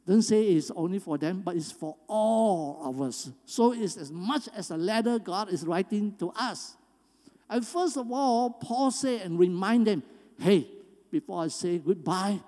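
Man, pastor, emphatic sermon, warm dark tone, long church reverb. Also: high-pitched. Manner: earnest, emphatic preaching with rising stresses. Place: church sanctuary.

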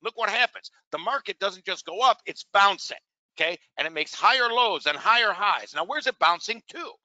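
A man's voice: high-pitched, animated, normal speed, pushed and bright, dry recording, lo-fi sound. A man teaching trading on a live webinar. He talks with salesy energy, keeps asking rhetorical questions and calls his listeners "gang". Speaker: trading educator.

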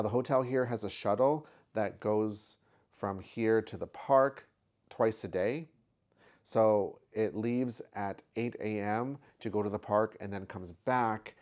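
A man in a casual travel vlog, chatting in a relaxed way while reviewing food and giving park tips. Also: on the low side. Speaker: travel vlogger. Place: theme park restaurant, then hotel.

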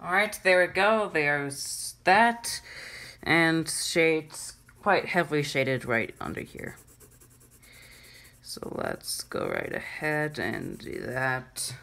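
A woman's voice: deep voice, sing-song, slow, gravelly, a bit bright. A woman hosting a drawing channel, giving a casual, chatty and self-deprecating drawing tutorial.

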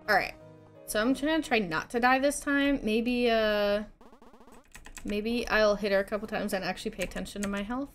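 High-voiced woman chatting slowly while gaming. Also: a bit bright. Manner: chatty, talks back to game characters, laughs easily. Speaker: streamer. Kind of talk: casual live gameplay commentary.

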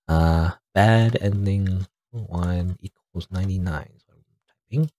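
A man's voice: sits low, moderate pace, darkish tone, dry recording, clean studio sound. A man hosting a let's play, commenting casually and rambling with fillers between story scenes.

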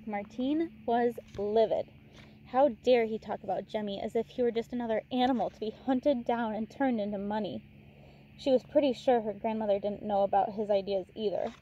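A woman teacher reads a novel aloud in a relaxed way. Her voice is mellow and sits a little high. Now and then she breaks off for chatty asides to her listeners. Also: normal speed, highs cut off, a little hiss or hum.

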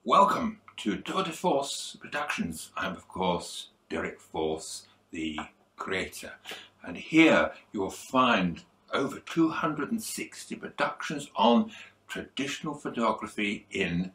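An older man, a photography YouTuber, giving advice to viewers at an unhurried, measured pace, now and then stumbling over his words and a little hoarse. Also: low voice, pushed and bright. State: losing his voice.

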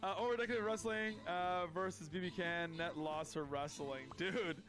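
High-voiced excitable man gaming. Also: normal speed, music in the background. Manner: excitable, loud outbursts, repeats himself. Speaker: streamer playing a social deduction game.

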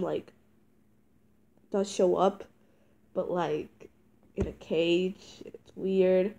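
A woman's voice: medium pitch, mellow. A teenage girl vlogging with a stuffed-up voice from a cold, rambling indignantly with many ums and restarts. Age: teens. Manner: indignant ranting. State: congested from a cold. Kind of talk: casual talking-head review.

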